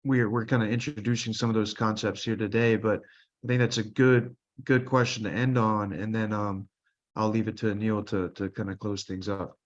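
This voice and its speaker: A man's voice: lowish voice, little pitch movement, moderate pace. A man moderating a webinar who speaks hesitantly, restarting and repeating words. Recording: dull lo-fi call audio.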